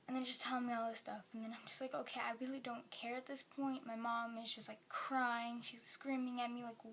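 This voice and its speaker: A woman talking in a personal vlog at home, rambling softly and sometimes dropping into a whisper. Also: a little high, flat delivery, moderate pace, a little hiss or hum. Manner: soft-spoken, rambling, drops into whispers. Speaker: vlogger.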